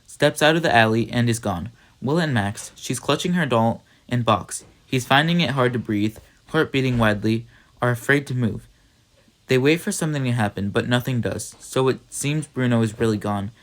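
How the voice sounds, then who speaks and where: A man narrating a novel in a measured, even storytelling manner. His voice sits in a middle pitch. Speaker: audiobook narrator. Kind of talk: scripted narration.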